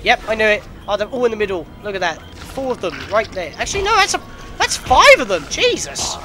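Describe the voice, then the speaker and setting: A man narrating his gameplay in a chatty, excitable way with sudden outbursts. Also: high voice, brisk. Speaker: let's player. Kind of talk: gameplay commentary.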